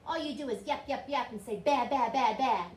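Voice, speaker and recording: A woman's voice: medium pitch, animated, unhurried, darkish tone, lightly acted. A woman doing a stubborn greedy factory owner. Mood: defiant. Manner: defiant, insistent. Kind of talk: storybook reading. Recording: roomy with faint hiss.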